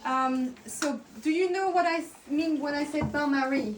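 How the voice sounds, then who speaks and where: A woman leads a hands-on workshop, talking a group through each step in a chatty, encouraging way. Her voice sits a little high, and she is heard from some distance in a roomy space with faint background noise. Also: normal speed. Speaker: herbalism teacher. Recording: roomy sound from a distant mic.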